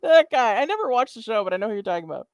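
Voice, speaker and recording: A woman's voice: on the high side, very animated, rapid-fire, dry recording. Profane, mocking woman host. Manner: profane, mocking, rambling with many fillers. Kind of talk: casual stream commentary.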